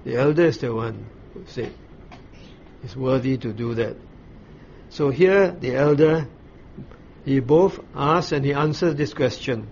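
A man leads a Bible study, walking through a passage in a measured, explanatory way, pausing and restarting as he thinks. His mid-pitched voice comes through a slightly dull recording with faint background noise. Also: vocal fry, a little mellow. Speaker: Bible teacher.

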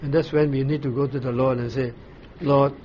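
A man preaching a sermon, explaining scripture slowly, pausing often and asking his listeners questions. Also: mid-range voice, steady tone, warm tone, muffled recording, slight background noise. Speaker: pastor. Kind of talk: sermon, Bible teaching.

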